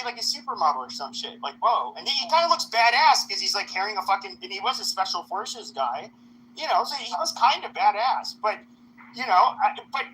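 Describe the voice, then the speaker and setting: A man talks loosely in an online voice chat, his voice bright and forward. He rambles, swears freely and leans on filler words. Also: high voice, a little hiss or hum, low-quality recording. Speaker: voice chat participant.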